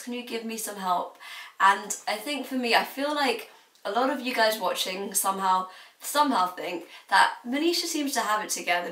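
A woman's voice: mid-range voice, bright, forceful tone, far from the mic. Brief: teenage girl vlogging, confiding and chatty, mic set back in an echoey room. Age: late teens. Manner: chatty and confiding, laughs now and then. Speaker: student vlogger. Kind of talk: candid advice vlog.

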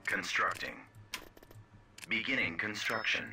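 A man's voice: lowish voice, measured pace, creaky, bright, forceful tone, slight background noise, heavily acted. A man voicing a curt male imperial unit officer in video game voice lines, giving clipped military status reports.

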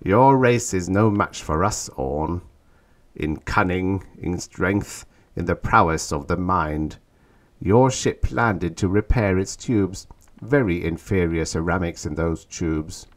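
A man's voice: low-pitched, slow. A man reading an audiobook, voicing a proud, cunning alien male warrior leader who speaks coldly and boastfully. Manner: cold, boastful, menacing.

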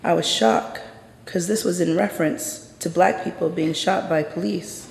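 A storyteller performing a true personal story live on stage, intense and measured, going hushed in the quiet moments. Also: mid-range voice, fairly even intonation, vocal fry, slight background noise. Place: stage in a large hall. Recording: roomy hall with long reverb.

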